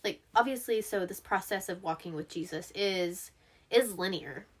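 A woman co-hosting a casual chat, talking things through in a relaxed, reflective way. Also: mid-range voice, normal speed, breathy edge. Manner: chatty, laughs along, reflective on faith. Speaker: podcast co-host.

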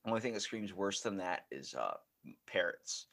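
Animated, profane man hosting a podcast. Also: low voice, moderate pace. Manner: animated, profane, bursts into acted quotes and screams. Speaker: podcast host. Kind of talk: casual chat.

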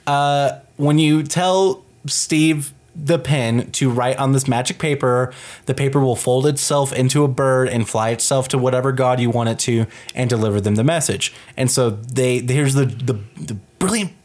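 A man's voice: medium pitch, normal speed, a little mellow. A man co-hosting a casual podcast, reviewing a movie in a loose, rambling way with lots of filler words. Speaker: podcast co-host.

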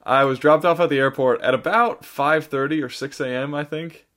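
A man's voice: on the high side, steady tone, moderate pace, a bit bright. A man on a podcast telling a long travel story in casual chat, rambling with many fillers and restarts, sounding tired. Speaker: podcast co-host.

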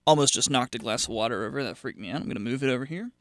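A male radio host talking off the cuff in a bright, crisp voice, sarcastic and rambling. His speech is full of fillers and restarts. The sound is close and dry. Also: medium pitch, lively intonation, rapid-fire, few pauses, no echo. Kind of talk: casual solo radio monologue.

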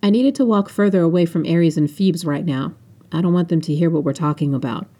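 A woman with a slightly low voice reads her own first-person novel aloud, unedited. Her narration is casual, with offhand asides between passages. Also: fast, dark tone. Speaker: author and audiobook narrator.

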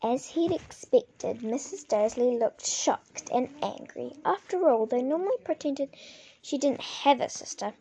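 Woman reading a book aloud, mellow and gravelly, stumbles and restarts. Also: high voice, lively intonation, measured pace. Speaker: reader.

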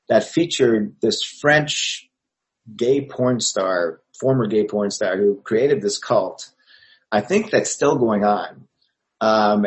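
A man from Montreal with a fairly low voice, talking as a guest in an interview. He tells long, meandering stories as an actor and fills them with ums and you-knows. The delivery is loose and conversational. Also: poor audio. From Montreal, Canada. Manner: rambling storyteller with many fillers. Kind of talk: interview anecdote.

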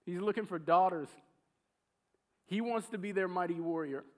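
A man preaching a sermon, telling a story with animated, acted-out quotes. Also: high voice, moderate pace.

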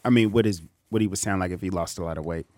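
A man co-hosting a casual podcast chat, easygoing, filling his talk with "you know", and trailing off quietly. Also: low voice, very fast, no room sound.

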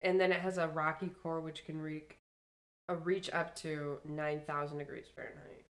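A woman's voice: deep voice, level tone, moderate pace, a bit bright. A woman co-hosting a podcast in casual, joking chat, swearing freely as she explains things. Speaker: podcast co-host.

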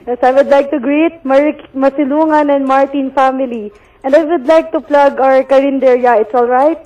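A woman's voice: sits high, fairly even intonation, moderate pace, mellow, far from the mic, lo-fi sound. A teenage girl with a Filipino accent calling a radio show, mixing English and Tagalog shyly. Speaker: caller.

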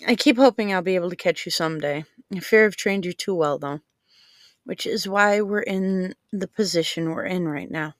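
A woman's voice: on the low side, moderate pace, dry recording, clean studio sound, close to an everyday voice. Woman reading as a blunt, protective spy father. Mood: wry. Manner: blunt, persistent. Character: protective middle-aged father, a spy handler.

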